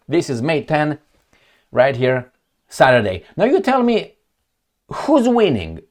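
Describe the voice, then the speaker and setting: This political commentator is a man with a fairly high voice who speaks slowly, leaving long pauses. He's sarcastic and animated, swears, and chats with viewers like friends while casually reading articles on screen.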